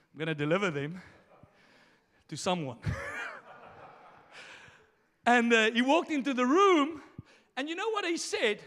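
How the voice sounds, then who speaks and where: High-pitched man preaching with fiery passion. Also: big-room sound. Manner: impassioned preaching, swinging between quiet asides and shouting. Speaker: pastor. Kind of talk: sermon.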